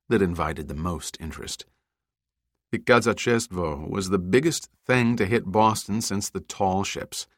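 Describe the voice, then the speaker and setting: A man narrates a thriller audiobook in a measured, even storytelling delivery. His voice sits low. The recording is close and dry, with no room sound around it. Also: no echo. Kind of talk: scripted narration.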